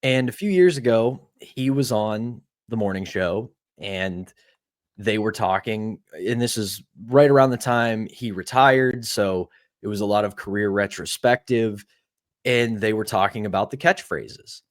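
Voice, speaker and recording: A man's voice: lowish voice, measured pace, dry recording, studio quality. A man from Pittsburgh co-hosting a sports podcast, telling an anecdote in a casual, storytelling way. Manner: storytelling, animated retelling of anecdotes. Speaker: podcast co-host.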